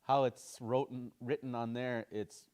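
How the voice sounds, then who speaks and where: A man's voice: medium pitch, level tone, darkish tone, clean tone. Easygoing male language teacher. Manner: repeats phrases slowly, drilling pronunciation; casual, folksy explanations. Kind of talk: language class.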